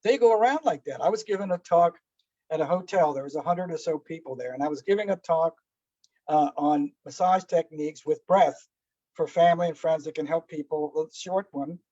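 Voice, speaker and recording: A man's voice: fairly high pitch, a little fast, dark tone, no room sound. A man giving a casual spoken lesson on breathing and meditation, asking rhetorical questions and acting out little anecdotes. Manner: conversational, asks rhetorical questions, acts out anecdotes with little voices. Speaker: meditation teacher. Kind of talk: relaxed spoken teaching talk. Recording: dull lo-fi dry recording.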